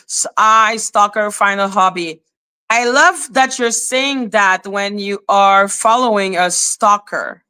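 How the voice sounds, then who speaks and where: A woman's voice: mid-range voice, slow, sharp tone, clear, resonant tone. A woman hosting a live stream, talking to her chat in a confrontational, scolding way. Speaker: livestream host.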